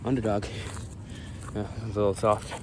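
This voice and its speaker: Out of breath and walking and jogging outdoors, a man vlogs in a fairly low, level voice at a fairly quick pace, rambling and humming lyrics he makes up. It's a casual walk-and-talk vlog with noisy outdoor ambience in the background.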